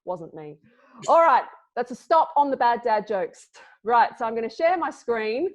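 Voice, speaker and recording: A woman's voice: a little high, very animated, moderate pace. A woman from Scotland giving a playful, casual online talk as a clown presenter, full of dad jokes. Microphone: video call. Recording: lo-fi video call audio.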